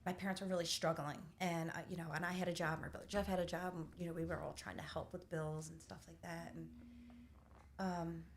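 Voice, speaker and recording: A middle-aged woman telling a painful family story candidly, pausing often with fillers. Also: fairly low pitch, flat delivery, slight background noise. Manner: candid, halting with many fillers. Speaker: podcast host. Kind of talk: personal storytelling in conversation.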